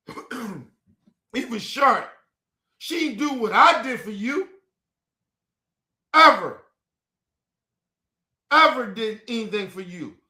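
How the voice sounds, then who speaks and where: A man's voice: high voice, pushed and bright, roomy sound. A man in an angry, profane rant at his family, repeating himself in heated outbursts.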